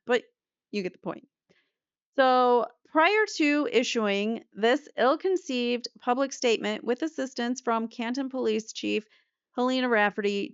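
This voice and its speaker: A woman's voice: medium pitch, smooth, no echo, muffled recording. A woman reading legal filings aloud and breaking off for blunt, offhand explanations of what they mean. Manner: reads dryly then adds blunt offhand asides. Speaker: host reading court documents.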